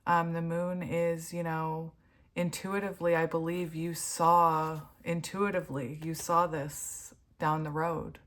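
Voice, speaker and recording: A woman's voice: deep voice, level tone, a little slow, fairly bright tone. Giggly, gushing woman reading tarot. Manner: giggly, gushing, laughs often; emotional, heartfelt. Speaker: tarot reader. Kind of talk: casual tarot reading to camera.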